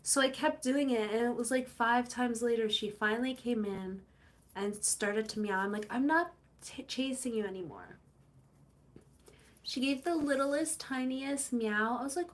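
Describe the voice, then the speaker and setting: Woman, young adult, slightly high voice, casual livestream chat, rambling, reads comments aloud. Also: normal speed. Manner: chatty, rambling, reads and answers viewer comments; animated storytelling with playful quoted voices. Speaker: livestream host. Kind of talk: casual live-stream chat.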